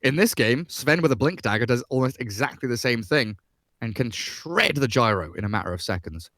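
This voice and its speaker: A male esports caster talking through a draft in an analytical, explanatory way. His voice is recorded close and dry, with no room sound. He sits at a middle pitch for a man. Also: lively intonation, a little fast, a bit bright, no echo. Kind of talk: casual game commentary.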